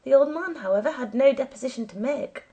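A woman narrating a story as an audiobook reader, with measured storytelling and lively quoted voices. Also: sits high, husky.

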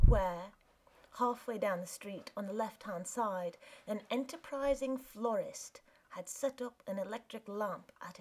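A woman narrating a period story in a measured, hushed storytelling voice. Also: mid-range voice.

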